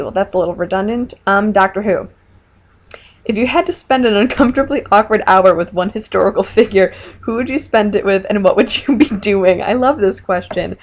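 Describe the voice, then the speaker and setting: A young woman chatting to her camera as she answers viewer questions, frank and playful. Her talk is loose and full of fillers, and she speaks at an ordinary, mid-range pitch. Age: young adult. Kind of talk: casual chat.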